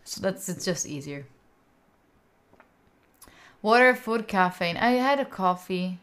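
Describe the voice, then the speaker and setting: A woman's voice: medium pitch, lively intonation, slow pace, a bit bright. A young woman with an Italian accent, chatting casually as a livestream host at home, swearing freely and reacting to her chat. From Italy. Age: young adult. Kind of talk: casual chat with live viewers. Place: room at home.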